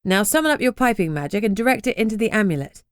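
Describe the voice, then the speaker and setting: A woman voicing a brisk, no-nonsense young witch who speaks curtly, in an audiobook reading. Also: mid-range voice, animated, clean tone, no echo, studio quality, lightly acted. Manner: curt and brisk.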